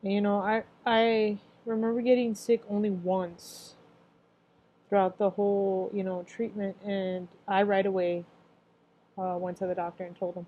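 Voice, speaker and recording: A woman's voice: medium pitch, little pitch movement, moderate pace, dull audio. A young woman in her twenties telling her own story in a casual, rambling way, full of filler phrases and emotional at times. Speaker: cancer survivor sharing her story. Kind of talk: casual personal testimony.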